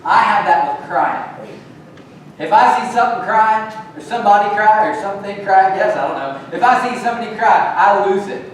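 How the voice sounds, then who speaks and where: A man delivers a sermon, telling a story with frequent restarts. He swings from hushed to loud. The sound is distant and very echoey, like a church hall heard from the back, with a faint hiss underneath. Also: high-pitched, normal speed. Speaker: pastor. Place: church sanctuary.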